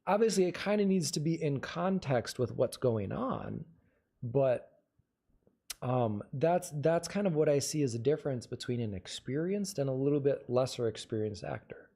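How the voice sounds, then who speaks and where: Dark-voiced man chatting on a livestream. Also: mid-range voice, animated, normal speed. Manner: conversational, advice-giving, restarts words. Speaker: livestream host. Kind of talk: casual livestream chat answering viewer questions.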